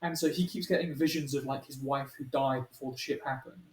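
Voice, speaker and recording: A podcast host with a medium-pitched voice talks briskly, sitting far from the mic in an echoey room with faint noise. His casual chat rambles along, full of crude jokes and laughter.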